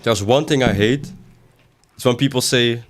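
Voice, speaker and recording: A man's voice: medium pitch, moderate pace. A man doing casual livestream commentary as a game streamer, reading chat aloud and answering it in a rambling way with sudden exasperated outbursts.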